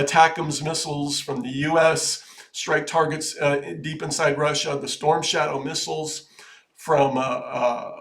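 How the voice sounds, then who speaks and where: A man hosting a video, giving casual political commentary in an earnest, halting way with many restarts that turns emphatic. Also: on the high side, a bit bright. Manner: grows emphatic and urgent. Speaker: video host.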